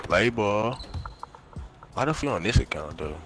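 A man on game voice chat whose pitch jumps around a lot as he hypes up and jokes with a teammate. His talk is loose and full of slang. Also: animated, a little slow, fairly bright tone, soft background music. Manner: hyped, joking, slangy. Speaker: teammate and fan in online game.

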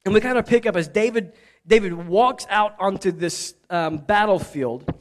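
A man's voice: high voice, moderate pace. A man preaching a sermon as pastor, telling a scripture story in a conversational way with joking asides to the congregation. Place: church sanctuary.

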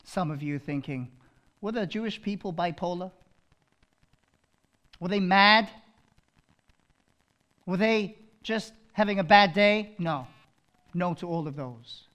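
Male pastor, sermon, high voice, unhurried delivery, loud proclaiming then hushed, repeats phrases. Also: dull audio.

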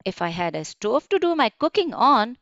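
A woman's voice: fairly high pitch, sing-song, moderate pace, a bit bright, no room sound, lo-fi sound. A woman reading as a sad storybook dragon. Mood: plaintive. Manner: plaintive, reasoning. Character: sad grumbling male dragon who cooks with fire.

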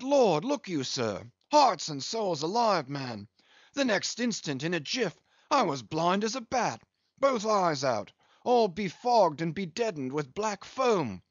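A man's voice: high voice, no echo, muffled recording, voice pushed up, exaggerated voice. A man doing a hearty yarn-spinning whaling captain. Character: hearty good-humoured whaling captain, talkative.

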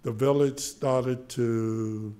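An older man speaking as a panelist in a discussion, halting at times and repeating words as he works through his points. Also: mid-range voice, fairly even intonation, warm tone. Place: public library meeting room.

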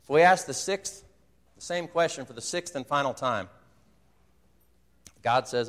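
A man's voice: medium pitch, a little slow, pauses often, a bit bright, big-room sound. A man preaching a sermon, earnestly retelling a movie scene and quoting its dialogue. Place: church sanctuary.

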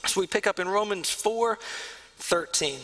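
Pastor guy preaching, earnest, goes quiet on the big lines, pretty high voice. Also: a little slow, low-quality recording. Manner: earnest preaching, drops to a hush on key lines. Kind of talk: sermon. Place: church sanctuary.

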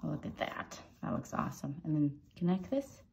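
A woman's voice: deep voice, very animated, moderate pace, creaky, warm tone, a little hiss or hum. A woman hosting a drawing tutorial, chatty and encouraging, with playful little sound effects while she sketches. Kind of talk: casual drawing tutorial narration.

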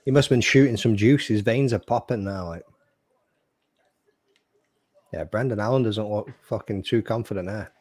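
A man hosts a casual watch-along, full of sweary, teasing banter. His voice sits low, and the sound is dry and close with almost no room. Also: a little fast, darkish tone, dry recording. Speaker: podcast host.

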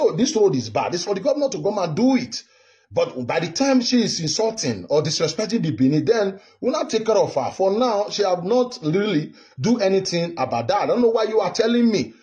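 A man's voice: fairly high pitch, dark tone, lo-fi sound. A Nigerian man in his fifties from Edo State, delivering an indignant political rant straight to camera. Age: 50s. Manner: heated, indignant, repetitive. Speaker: political commentary vlogger. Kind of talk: direct-to-camera political monologue.

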